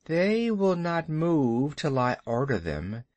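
A man voicing a huge, ancient male python who speaks slowly and menacingly with a hiss. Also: fairly high pitch, big pitch swings, darkish tone, no room sound, pitched above the performer's own voice. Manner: slow, hissing, drawn-out speech. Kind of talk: storybook character voice.

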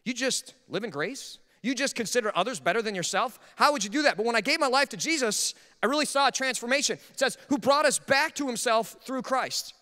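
A man's voice: very high-pitched, expressive, fairly quick, few pauses, pushed and bright, long reverb tail. A man preaching a sermon as pastor, telling humorous, self-deprecating stories about married life. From Minnesota. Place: church sanctuary.

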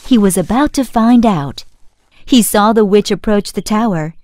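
A woman telling a children's fairy tale in clear, expressive, measured scripted narration. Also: medium pitch, no room sound, clean studio sound.

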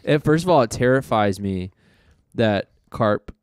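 Teasing man with low, smooth voice. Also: animated, a little slow, dry recording, studio quality. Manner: teasing, joking banter. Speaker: podcast co-host. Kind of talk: casual chat.

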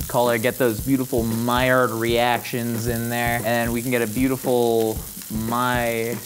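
His medium-pitched voice is monotone and unhurried, with a little hiss or hum in the recording. This young Orange County native, who has a Southern Californian accent, hosts a cooking show from a studio kitchen, joking and rambling, poking fun at himself, and cracking up at his own puns.

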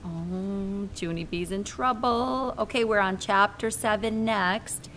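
A woman reading a children's book aloud with expressive, lively storytelling. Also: medium pitch, slow pace, slight background noise.

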